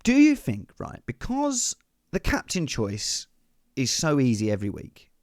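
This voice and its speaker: A man hosting a casual podcast, chatty and playful and quick to laugh. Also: medium pitch, huge pitch swings, a little mellow, dry recording, clean studio sound. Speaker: podcast host. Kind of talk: casual chat.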